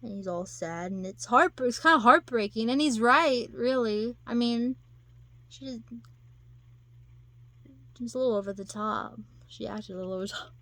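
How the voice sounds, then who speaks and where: A woman's voice: fairly high pitch, moderate pace, pauses often, pushed and bright, no room sound. A woman chatting casually to camera, rambling with lots of fillers and restarts. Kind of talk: casual chat.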